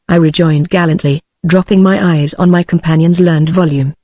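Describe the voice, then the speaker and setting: A text-to-speech voice of a woman with a British accent, narrating a novel with an even, measured delivery. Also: deep voice, no room sound. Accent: British English. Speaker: audiobook narrator. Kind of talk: text-to-speech book reading.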